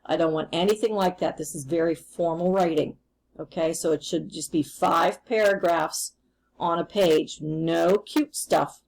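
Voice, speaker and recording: A woman's voice: lowish voice, measured pace, vocal fry, darkish tone, poor audio. A woman teacher recording a remote lesson, explaining patiently and step by step.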